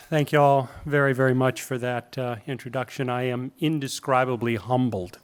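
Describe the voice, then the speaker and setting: A man's voice: medium pitch, fairly even intonation, moderate pace, clear, resonant tone. An older man giving a conference keynote in a lecture room, emphatic and jokey, often ending his points with a questioning "okay?". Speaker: keynote speaker.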